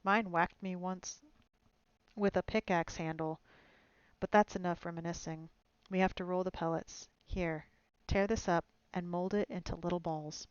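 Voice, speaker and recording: Blunt boastful dwarf elder, read by a woman; low-ish, smooth, dry. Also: steady tone, normal speed, no room sound, dull audio, close to an everyday voice. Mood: gruff. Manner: blunt, matter-of-fact.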